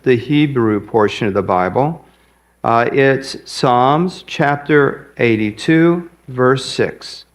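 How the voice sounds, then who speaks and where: A man giving a folksy sermon as guest speaker, pausing often and hesitating. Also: a little high. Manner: folksy, hesitant with many pauses. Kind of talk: sermon with a joke. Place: church sanctuary.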